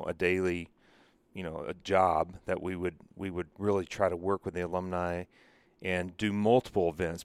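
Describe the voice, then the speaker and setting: Man, retired ballplayer, very deep voice, smooth, measured storyteller, casual chat. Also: dry recording. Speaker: retired ballplayer, podcast co-host.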